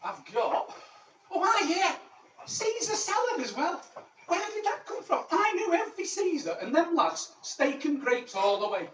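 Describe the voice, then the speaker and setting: A man's voice: very high voice, very animated, a little slow, a bit bright, heavily acted. Male comic as boastful Roman legionary, crude and rambling; distant, roomy recording, noisy. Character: cheeky ancient Roman soldier living in Manchester. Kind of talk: character stand-up monologue. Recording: echoey, distant mic, background noise.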